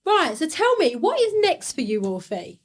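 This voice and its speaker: A woman's voice: high-pitched, wildly swooping pitch, moderate pace. A woman interviewing a guest, asking brief, encouraging questions. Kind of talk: casual interview.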